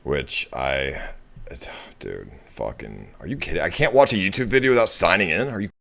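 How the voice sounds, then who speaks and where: A man with an extremely deep, low voice talks someone through their feelings on a stream. He coaxes and persuades in a relaxed, casual way. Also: moderate pace, gravelly. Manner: coaxing, persuasive.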